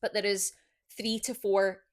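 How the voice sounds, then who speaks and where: A young Scottish woman co-hosting a podcast, talking in an animated, chatty way and breaking into laughter. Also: mid-range voice, a little slow. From Scotland. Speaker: podcast co-host. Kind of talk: casual chat.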